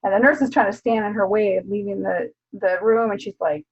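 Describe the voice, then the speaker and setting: A woman co-hosting a casual book club chat, retelling scenes in an animated way with laughs and swearing. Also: medium pitch, a little fast, husky. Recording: dull lo-fi sound.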